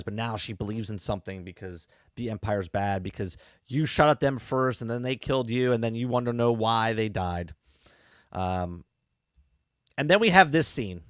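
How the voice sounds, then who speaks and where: A man's voice: medium pitch, no echo. Exasperated man ranting in a dry room. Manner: exasperated, rambling, repeats himself; swears freely. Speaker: podcast host. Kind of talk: casual show review commentary.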